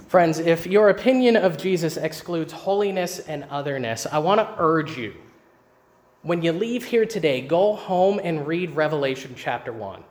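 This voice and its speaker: A man's voice: on the high side, animated, normal speed. A man preaching a sermon, teaching emphatically and asking his listeners rhetorical questions. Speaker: pastor.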